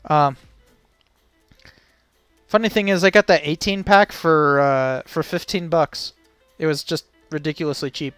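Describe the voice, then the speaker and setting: A man's voice: on the high side, unhurried, a bit bright, clear, resonant tone, dry recording, soft background music. A man casually reacting to a video on stream, rambling and joking with frequent laughs and fillers. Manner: rambling, jokey, laughs often, lots of fillers. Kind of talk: casual chat.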